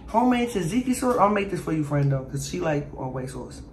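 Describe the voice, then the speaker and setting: A low, darkish voice with big swings in pitch comes from a woman vlogging fairly quickly while she cooks and eats. She talks directly to "y'all," showing off her food in a playful way as she tastes it, with slight noise in the background.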